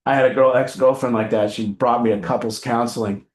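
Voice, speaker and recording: A man's voice: medium pitch, fairly even intonation, fast talker, reverberant. A man coaching a support group in a candid, blunt way, telling stories and acting out what people say. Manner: blunt, profane, anecdotal, acts out quotes. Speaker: addiction recovery group coach.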